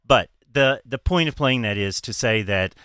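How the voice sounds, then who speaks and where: Forceful, chatty podcast host man. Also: medium pitch, lively intonation, normal speed, clear, resonant tone, no echo, studio quality. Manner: laughs often, swears freely, chatty. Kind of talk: casual chat.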